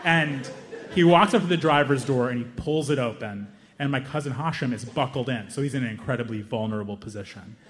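A young man telling a long comic story on stage, self-mocking and animated, with quick asides. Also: medium pitch, big-room sound. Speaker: stand-up comedian. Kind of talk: stand-up storytelling.

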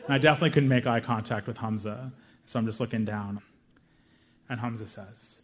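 A young man telling a long comic story on stage, self-mocking and animated, with quick asides. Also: medium pitch, big-room sound. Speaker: stand-up comedian. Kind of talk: stand-up storytelling.

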